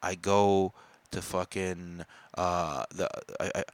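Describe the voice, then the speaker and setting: Low-voiced man ranting loudly. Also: little pitch movement, extremely slow, long pauses. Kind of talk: angry personal rant.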